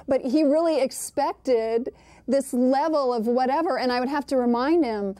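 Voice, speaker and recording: A woman's voice: sits high, moderate pace, dark tone, dry recording. A woman telling a family anecdote in a documentary interview, acting out the quotes. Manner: acts out quotes, laughs while telling. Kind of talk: animated storytelling.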